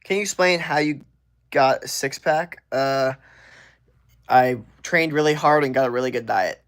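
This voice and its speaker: A man's voice: medium pitch, measured pace, a bit bright, clean tone. Laid-back man casually reading stream chat. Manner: loose, slangy and offhand, reading comments aloud.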